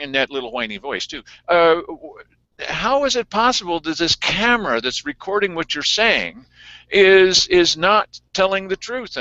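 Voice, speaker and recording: A man hosting a casual local news chat show, talking in an animated, sarcastic way. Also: sits high, dry recording. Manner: animated and sarcastic, mocking in quoted voices. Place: small editing studio. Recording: dry, dull lo-fi studio sound.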